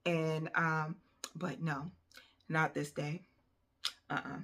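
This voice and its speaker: A woman telling a personal story in a casual vlog, animated and conversational, with plenty of fillers. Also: deep voice, slow. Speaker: vlogger.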